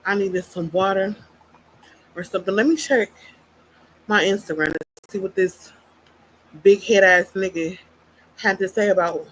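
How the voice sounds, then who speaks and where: A woman's voice: medium pitch, normal speed, pauses often, breathy edge, poor audio. A woman vlogging casually, out of breath and venting bluntly with profanity. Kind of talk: casual personal vlog.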